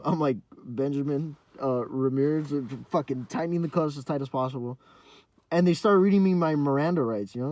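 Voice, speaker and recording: A man's voice: medium pitch, moderate pace, darkish tone, dry recording. A young man hosting a podcast, telling a story in a rambling, profane way full of fillers and restarts. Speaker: podcast host. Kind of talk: casual storytelling.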